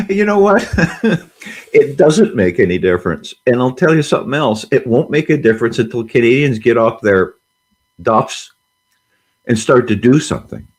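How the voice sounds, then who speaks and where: A man's voice: medium pitch, animated, moderate pace, breathy edge. A man speaking as a guest on a panel discussion, fiery and emphatic, firing off rhetorical questions.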